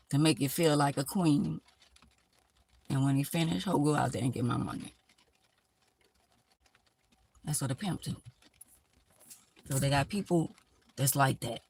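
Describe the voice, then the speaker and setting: A woman hosting a live stream, giving blunt, emphatic life advice in a casual, preachy way. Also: low voice.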